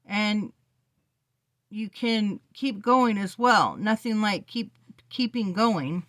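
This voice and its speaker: A woman's voice: mid-range voice, takes it slowly, no echo. Woman reading as an unhinged ranting teenage boy. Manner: shouting, scornful, rambling.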